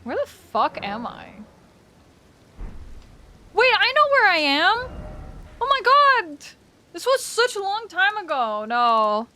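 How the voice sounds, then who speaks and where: A woman's voice: extremely high pitch, sing-song, takes it slowly, long pauses, bright, forceful tone. A woman streaming a game live, chatting casually with her viewers, swearing freely and laughing often. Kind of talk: casual live-stream chat while gaming.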